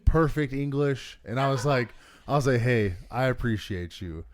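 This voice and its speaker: A man's voice: medium pitch, animated, normal speed, no echo, clean studio sound. Young male co-host, tells rambling stories, slangy and profane. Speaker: podcast co-host. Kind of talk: casual storytelling.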